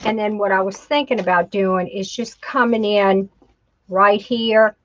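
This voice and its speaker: A woman's voice: mid-range voice, fairly even intonation, measured pace, lo-fi sound. A woman teaching a live crafting tutorial, chatting to herself as she works and calling her viewers "y'all". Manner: chatty, talks to herself while working, says "y'all". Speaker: craft instructor.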